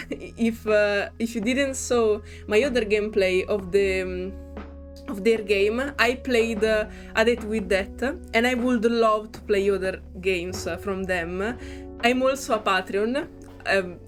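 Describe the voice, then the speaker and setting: A woman with an Italian accent, chatting playfully while starting a new game as a gaming YouTuber. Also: mid-range voice. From Italy. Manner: playful and chatty, hums to herself. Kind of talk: casual game commentary. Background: faint game music.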